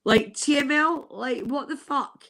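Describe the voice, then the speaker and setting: A woman in her fifties speaks slowly and earnestly in a fairly high voice. She gives a heartfelt testimony on a live stream and drops casual swear words as she goes. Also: creaky, a bit bright. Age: 50s. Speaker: guest sharing a personal testimony.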